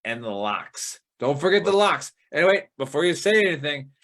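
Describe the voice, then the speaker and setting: A man's voice: fairly high pitch, big pitch swings, fairly quick, fairly bright tone. Rambling man hosting a betting show. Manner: rambling, swears casually. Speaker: show host. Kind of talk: casual podcast chat.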